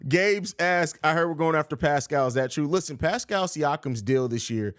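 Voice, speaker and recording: A man's voice: a little high, animated, normal speed, a bit bright, clear, resonant tone, dry recording. A young man hosting a live sports podcast, reading viewer questions and answering bluntly with jokes, calling people bro. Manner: blunt, joking, says bro a lot. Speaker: podcast host.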